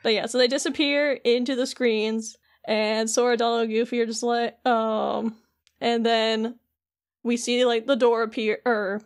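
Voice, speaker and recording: A woman's voice: a little high, level tone, a little slow. A woman co-hosting a podcast, chattily recapping a video game with lots of fillers. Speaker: podcast co-host.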